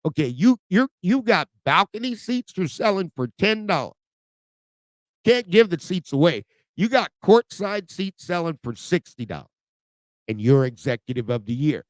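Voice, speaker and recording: Guy ranting about sports on his podcast, keeps asking "right?", bouncy pitch, dry sound. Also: sing-song, normal speed, no room sound, low-quality recording. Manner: passionate, emphatic, repeats "okay?" and "right?". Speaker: podcast host. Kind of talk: sports commentary monologue.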